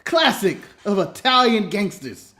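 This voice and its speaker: An American man co-hosting a casual podcast, excitable and profane, laughing often and acting out quotes. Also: sits high, measured pace. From United States. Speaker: podcast co-host. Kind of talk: casual wrestling podcast chat.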